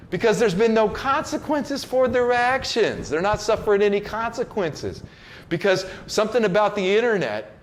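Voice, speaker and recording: A man giving a casual motivational talk, loose and slangy with many fillers and restarts, now and then acting out other people's lines. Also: high-pitched. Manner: acts out quoted people in changed voices. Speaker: host giving a motivational message.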